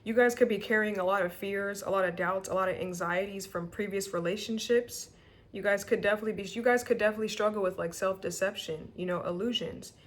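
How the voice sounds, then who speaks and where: A woman's voice: medium pitch, fairly even intonation, fast talker. Emotional woman tarot reader. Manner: emotional, tearful, swears freely; rambling with many restarts. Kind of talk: casual tarot reading to camera.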